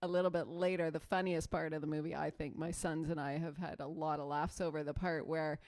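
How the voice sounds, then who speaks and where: Chatty woman with a lowish voice. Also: little pitch movement, a little fast, a little mellow. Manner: chatty, rambling storyteller with many fillers and restarts. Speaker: choir director co-hosting a live stream. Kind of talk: casual live-stream chat. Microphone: mic set away from her, not in front of her mouth.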